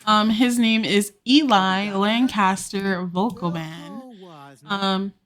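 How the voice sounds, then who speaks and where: A woman's voice: mid-range voice, fairly even intonation, slow, fairly bright tone. A young woman hosting a casual let's play, chatting and inventing stories for her characters as she plays, recorded on a desktop microphone. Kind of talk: casual gameplay narration. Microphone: desktop USB mic.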